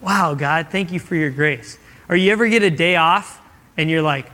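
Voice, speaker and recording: A man's voice: a little high, moderate pace, pushed and bright. Man preaching casually in a big hall. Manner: casual, conversational storytelling with acted-out quotes. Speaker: pastor. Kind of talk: sermon.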